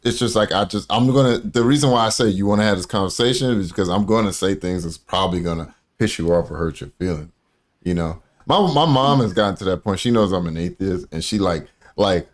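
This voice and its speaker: A man hosting a casual livestream, telling stories with lots of fillers and slang and acting out quotes. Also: fairly quick. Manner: animated storytelling, acts out quotes in a high voice; loose slangy talk with many fillers. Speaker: reaction streamer host.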